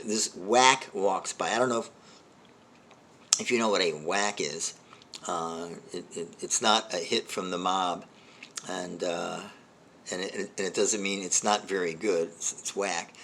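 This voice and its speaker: An older man and comedy host telling a long personal story in a rambling, self-deprecating way, with many restarts and asides. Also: lowish voice. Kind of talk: storytelling monologue.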